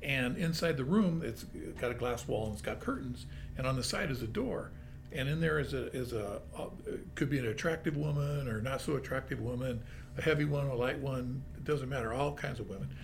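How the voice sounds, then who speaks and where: An older man in a relaxed chat, telling travel stories with many pauses and fillers. The sound is close, with a faint rumble behind him. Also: creaky. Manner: halting, relaxed storytelling with fillers. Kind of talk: casual chat.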